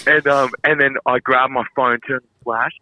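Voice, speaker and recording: A young Australian man on a phone call, telling a story in an animated way, laughing and swearing freely. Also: medium pitch, moderate pace, very noisy. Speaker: podcast co-host calling in. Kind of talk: casual storytelling.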